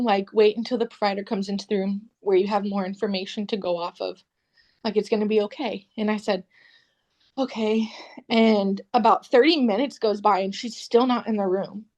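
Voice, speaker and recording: A young woman telling her own story as a podcast guest, halting with fillers and restarts as she quotes what others said to her. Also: mid-range voice, darkish tone, highs cut off. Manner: emotional retelling, quoting others in dialogue. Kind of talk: personal story in an interview.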